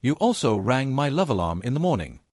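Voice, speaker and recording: A man's voice: mid-range voice, very animated, brisk, a little mellow, no room sound, studio quality. A man narrating a drama recap in a scripted style, reading the quoted dialogue in the same plain narrating voice.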